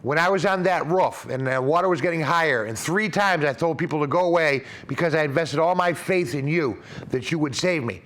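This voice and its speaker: A man voicing a devout Christian man on a flooded roof, speaking slowly and earnestly. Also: on the high side, fairly bright tone, natural voice. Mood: aggrieved.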